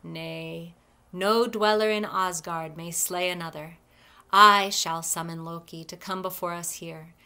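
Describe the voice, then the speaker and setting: A woman's voice: fairly low pitch, fairly even intonation, a little slow, pushed and bright, clean tone. A woman reading aloud and voicing a stern, grave old male king of the gods. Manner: grave, authoritative.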